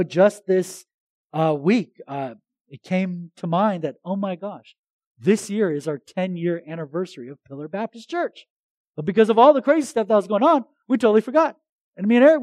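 With a high voice captured in a dry recording, a pastor speaks to his congregation. His sermon is conversational and animated, with frequent restarts.

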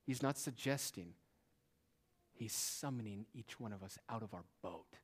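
A male pastor preaching a sermon in a church, swinging between quiet, hushed lines and raised, emphatic ones. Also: on the low side, a little slow, husky.

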